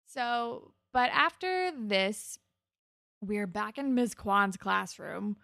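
A woman's voice: medium pitch, animated, extremely slow, gravelly, bright, forceful tone, dry recording, clean studio sound. A young woman co-hosting a casual recap podcast, retelling scenes with laughs and the odd swear. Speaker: podcast co-host.

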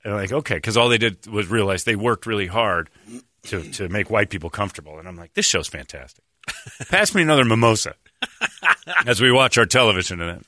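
A man hosting a show, ranting sarcastically and mimicking others in mocking voices. His pitch swings widely and his tone is bright and forceful. The sound is dry and close. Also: lively intonation, brisk, dry recording. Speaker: radio show host. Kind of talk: sarcastic comedic rant.

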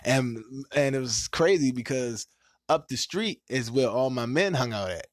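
A man hosting a podcast, telling a story in casual, profane talk and acting out quotes with sudden leaps in pitch. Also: moderate pace, no room sound, studio quality. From Washington, D.C. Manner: animated, profane, acts out quotes with big pitch jumps. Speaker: podcast host.

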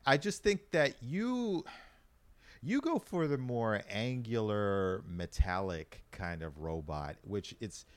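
A male podcast co-host with a fairly low voice and a lively, shifting pitch. He delivers wry, deadpan quips during casual comedic banter and laughs along with his partner. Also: takes it slowly, clean tone, no echo.

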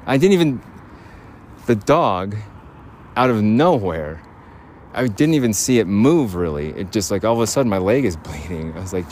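Walking through a city park, a male podcast host keeps an audio diary in a rambling way and laughs frequently. His voice sits on the low side with a darkish tone, and faint outdoor street noise can be heard.

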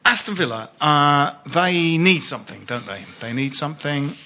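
Chatty fan co-host, a man with a bright, somewhat high voice, rambling with fillers. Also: animated, moderate pace. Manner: rambling, chuckling, many fillers. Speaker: podcast co-host, football fan. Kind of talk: casual chat.

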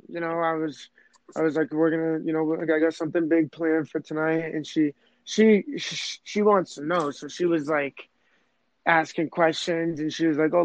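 A young man casually telling a personal story, rambling and emotional, full of fillers and restarts. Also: a little high. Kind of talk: casual conversation. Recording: dull lo-fi sound.

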